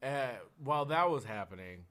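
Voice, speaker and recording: A young man from Oklahoma with a thick country accent, telling stories in a casual, animated podcast chat full of fillers. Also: medium pitch, normal speed, clean tone. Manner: animated, laughing storyteller with many fillers. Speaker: podcast co-host.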